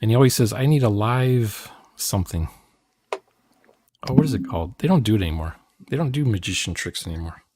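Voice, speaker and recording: A man co-hosting a stream who talks slowly and rambles in casual chat. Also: lowish voice, expressive, dark tone, husky, dry recording. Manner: slow, rambling talker. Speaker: stream co-host.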